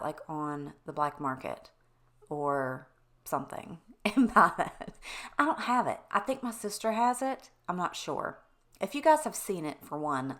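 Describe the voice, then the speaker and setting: This middle-aged woman is a home cleaning vlogger whose voice sits low with a slight brightness. In her casual voice-over she rambles candidly, drifts into tangents, and talks straight to her viewers in a conversational way.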